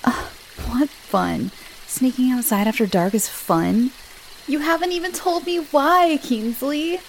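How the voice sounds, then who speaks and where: Woman voicing a jumpy kid boy, raised pitch, gravelly edge. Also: expressive, normal speed, a little hiss or hum. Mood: whiny. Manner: anxious, hushed. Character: nervous, jumpy young boy.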